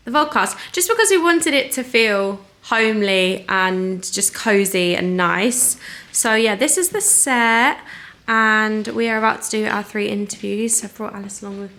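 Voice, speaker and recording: Bright-voiced chatty young woman vlogging. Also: medium pitch, normal speed. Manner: chatty, open, heavy use of "like" fillers. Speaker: vlogger and interviewer. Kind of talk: casual talk to camera. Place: indoors, in a flat used as a set. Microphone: handheld camera.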